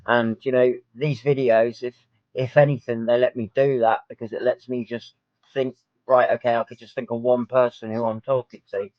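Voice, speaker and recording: A man's voice: medium pitch, little pitch movement, moderate pace, no echo, highs cut off. A man talking frankly to camera in a personal vlog, rambling with many filler ums. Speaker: vlogger.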